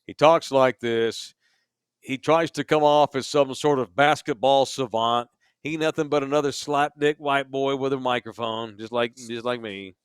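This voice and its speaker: A man co-hosts a casual sports podcast from a bar studio, ranting emphatically with plenty of profanity. His medium-pitched voice is steady, at a moderate pace, and the sound is clean with no room sound.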